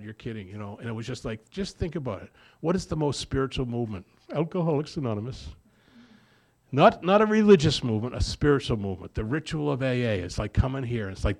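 A man's voice: medium pitch, gravelly. An older man telling a long personal story at a recovery meeting, acting out the dialogue and repeating phrases for effect. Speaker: AA speaker. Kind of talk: speaker share at a recovery meeting.

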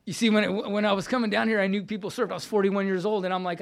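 Gravelly-voiced middle-aged man sharing his story. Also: sits high, level tone, racing. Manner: casual and heartfelt, repeats phrases, says "man" often. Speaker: speaker sharing at a recovery meeting. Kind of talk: personal recovery testimony.

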